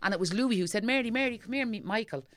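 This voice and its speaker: Fast-talking middle-aged Dublin woman. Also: a little high, no room sound, studio quality. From Ireland. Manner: animated storyteller, acting out what people said. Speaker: guest. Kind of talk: casual chat.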